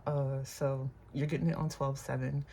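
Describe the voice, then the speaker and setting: A vlog host talking in an unscripted personal vlog, candid and reflective, with many pauses and fillers. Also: medium pitch, flat delivery, gravelly, warm tone, slight background noise.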